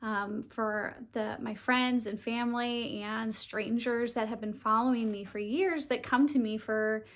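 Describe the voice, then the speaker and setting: A woman's voice: fairly high pitch, steady tone, measured pace, hardly any pauses. A young woman talking earnestly and openly to camera in a casual vlog, laughing now and then. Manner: earnest, open, tearful at times, laughs often. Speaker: vlogger starting a channel. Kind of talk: heartfelt casual vlog talk.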